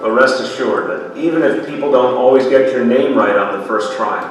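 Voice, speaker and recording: A city official delivers a formal address at a measured pace. He has a middle-pitched voice, heard from a distance in an echoey space with faint music behind.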